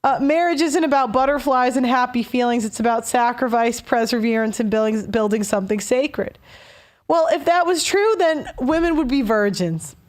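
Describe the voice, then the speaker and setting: High-voiced woman ranting bluntly. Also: normal speed. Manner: blunt, heated, stumbles and restarts. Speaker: host. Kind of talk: opinion rant on a call-in show.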